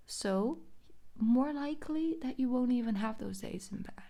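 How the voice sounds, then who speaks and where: A young woman reading tarot in a relaxed, chatty way, her voice carrying a gravelly fry. She soothes and reassures the listener, now and then slipping into soft whispers. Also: on the high side, unhurried. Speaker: tarot reader. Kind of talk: casual tarot reading monologue.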